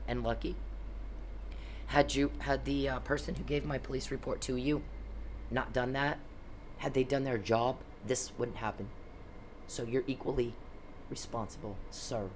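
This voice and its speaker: A woman's voice: extremely low pitch, darkish tone, slight background noise. A woman vlogging an angry, confrontational monologue aimed at one man, cursing often and preaching at him.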